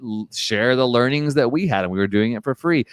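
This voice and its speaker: Guy cohosting a live web chat, smooth clear voice, dry sound, upbeat. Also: medium pitch, lively intonation, no echo. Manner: upbeat, encouraging, quick asides. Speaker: co-host. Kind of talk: live online chat show.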